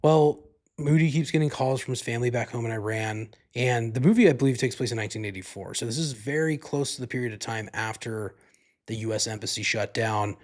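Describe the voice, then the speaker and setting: A man's voice: mid-range voice, fairly quick. A man hosting a podcast, giving a casual movie review in a rambling, profane way, full of "like" and "you know". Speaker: podcast host.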